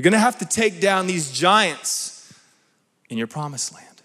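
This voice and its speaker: A man delivers a lively sermon, his fairly high voice ringing with a long reverb through a large hall. He keeps turning to the crowd with quick questions. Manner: animated, asks the crowd "right?" often. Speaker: preacher.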